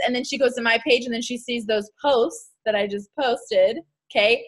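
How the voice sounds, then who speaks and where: A woman's voice: fairly high pitch, normal speed. A young woman hosting a casual motivational live stream for her sales team, chatty and upbeat, laughing often.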